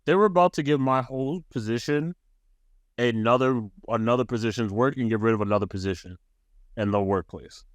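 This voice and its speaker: A man's voice: mid-range voice, a little fast, dry recording. Easygoing man rambling through a story. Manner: laughs easily, loose rambling storytelling. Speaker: podcast co-host. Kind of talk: casual storytelling chat.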